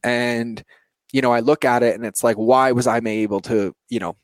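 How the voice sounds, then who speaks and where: A man's voice: medium pitch, fairly even intonation, moderate pace, dry recording. A man in his thirties, an entrepreneur talking earnestly about his life, full of "like" and "you know". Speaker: entrepreneur guest. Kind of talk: reflective personal interview talk.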